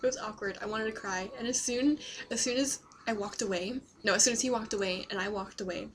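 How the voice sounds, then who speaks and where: A woman's voice: mid-range voice, fairly quick, a little hiss or hum, rough recording. A young woman vlogging, telling a story casually and laughing often as she talks.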